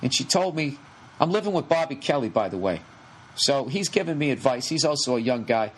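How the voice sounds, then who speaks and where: A middle-aged man hosting a podcast, telling a rambling comic story with lots of swearing in quick animated bursts. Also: medium pitch, rough recording. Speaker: podcast host. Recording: faint background noise.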